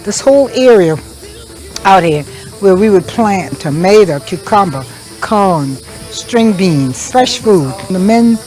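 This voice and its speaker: A woman's voice: medium pitch, expressive, takes it slowly, a little mellow, soft background music. Woman, homely. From South Carolina, USA. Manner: homely, explaining as she demonstrates. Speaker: caterer and cookbook author. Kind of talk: casual talk while cooking. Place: family yard at an outdoor barbecue.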